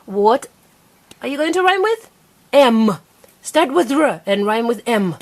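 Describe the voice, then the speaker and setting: Young woman, parent-teacher, slightly high voice, unhurried, sounds words out carefully. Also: big pitch swings. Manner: slow, patient, sounds out words clearly. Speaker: parent teaching her child to read. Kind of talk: reading lesson with a preschooler.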